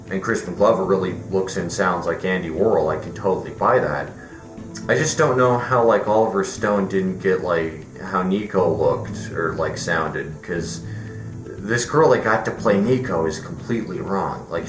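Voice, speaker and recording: A man's voice: low-pitched, a bit bright. A man giving a casual, rambling movie review, full of fillers and restarts. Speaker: film reviewer. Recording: roomy echo with faint music.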